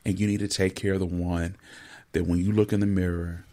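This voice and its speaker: A man's voice: low-pitched, level tone, brisk, dark tone. A middle-aged man and pastor, co-hosting a podcast, who talks in an earnest, encouraging way and often repeats words as he starts a thought. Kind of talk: casual pastoral conversation.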